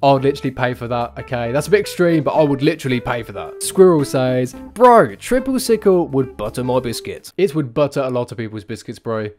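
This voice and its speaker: A young man talking casually about game news as a gaming YouTuber, with a relaxed, chatty manner and a lot of "bro". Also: mid-range voice, quick pace, hardly any pauses, soft background music.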